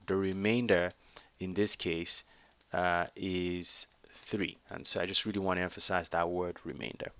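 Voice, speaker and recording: A man's voice: deep voice, a bit bright, dry recording, lo-fi sound. A man teaching math step by step in a test prep tutorial, patient and explanatory, with frequent fillers.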